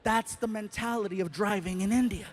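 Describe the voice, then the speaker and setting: A man doing stand-up before a live audience, telling an animated story and acting out the scenes. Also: high voice, fairly quick. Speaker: stand-up comedian. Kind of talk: stand-up routine.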